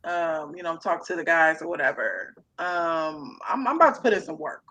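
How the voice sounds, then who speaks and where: A young adult woman co-hosting a casual chat, animated and stretching words out for emphasis. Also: low-pitched, highs cut off. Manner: animated, drawn-out emphatic hustle talk. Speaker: podcast co-host.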